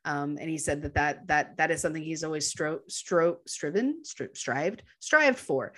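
A woman's voice: low-pitched, lively intonation, normal speed, a bit bright. A woman co-hosting a podcast, chatting enthusiastically about a film and laughing easily. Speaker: podcast co-host. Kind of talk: casual film discussion.

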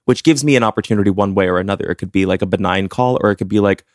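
A man's voice: on the low side, steady tone, rapid-fire, hardly any pauses, no room sound, studio quality. A man co-hosting a podcast in casual chat, teasing and laughing often. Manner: chatty, teasing, laughs often, playful impressions. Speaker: podcast co-host.

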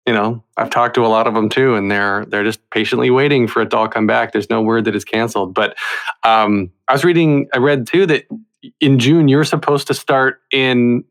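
A man hosts a relaxed interview, his voice sitting at an ordinary middle pitch. He often stumbles and restarts his phrases mid-question. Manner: halting, frequent restarts and repeated words. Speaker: podcast host. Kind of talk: casual interview chat.

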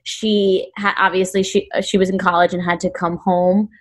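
A woman's voice: mid-range voice, flat delivery, moderate pace. A young woman in her twenties, co-hosting a podcast, laid-back and wry, laughing often. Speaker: podcast co-host. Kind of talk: casual chat.

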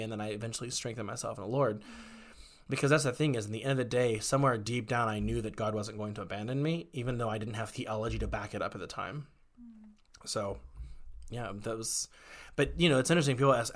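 A man's voice: medium pitch, fairly bright tone. A man, a guest in an interview, candidly telling personal stories in a conversational way, with many fillers and acted-out quotes.

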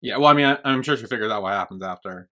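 A man's voice: lowish voice, very fast, bright, forceful tone. A man co-hosting a podcast, retelling a TV episode in a casual chat with lots of "like" fillers and restarts. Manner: rambling, filler-heavy retelling. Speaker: podcast co-host.

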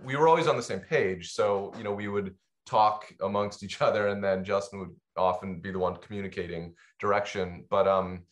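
A man's voice: on the low side, fairly quick, few pauses. A man, a film co-director, talking thoughtfully in a casual interview, with plenty of fillers and hesitations.

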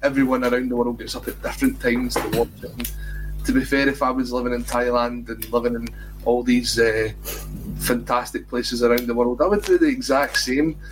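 A man's voice: medium pitch, flat delivery, fairly quick, a little hiss or hum, low-quality recording. Chatty Scottish man hosting a podcast. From Scotland. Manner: chatty, self-mocking banter. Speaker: podcast host. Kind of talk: casual football chat.

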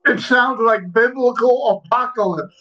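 A man's voice: very high-pitched, a little slow, sharp tone, highs cut off. A man co-hosting a podcast, easygoing and jokey, chatting casually. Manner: easygoing, jokey, laughs a lot. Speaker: podcast co-host. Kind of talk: casual chat.

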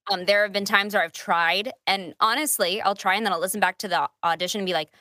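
A woman's voice: medium pitch, fairly even intonation, fast talker, sharp tone, no room sound. A woman voice actress talks casually on a podcast, with lots of "um" and "like" as she acts out her own thoughts. The recording is dry and close, with no room sound. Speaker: voice actress guest.

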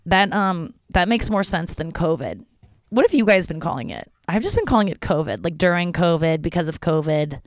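A woman's voice: fairly low pitch, animated, moderate pace, no echo. A young woman hosting a casual solo podcast from her porch at home, chatty and rambling, swearing freely. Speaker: podcast host.

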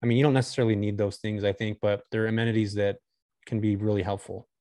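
A man's voice: on the low side, little pitch movement, quick pace, darkish tone, no echo, clean studio sound. A man talking candidly and enthusiastically as a guest on a casual podcast chat. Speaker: guest, short-term rental host.

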